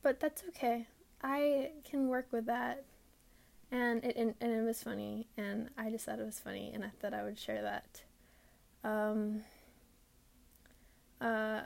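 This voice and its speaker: A young woman with a gravelly, higher-pitched voice runs a solo podcast from her room. The talk is casual and meandering, packed with fillers and self-deprecating jokes.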